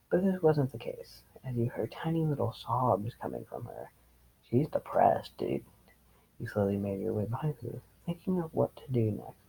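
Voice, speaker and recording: A man reads a story aloud, then cuts in with dry, sarcastic asides. His voice is gravelly and husky, dark and mellow in tone, at a middle pitch. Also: low-quality recording. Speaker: reader. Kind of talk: reading fan fiction with commentary.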